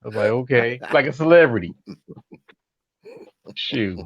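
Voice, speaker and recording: A man's voice: mid-range voice, lively intonation, unhurried, dry recording, dull audio. A man on a casual panel discussion, teasing another panelist and laughing often. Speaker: panel member.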